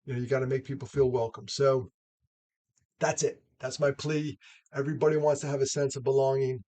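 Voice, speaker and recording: A man's voice: mid-range voice, fairly even intonation, fairly quick, dark tone. A man, a mental health advocate, talking casually and earnestly to camera, rambling with frequent laughs.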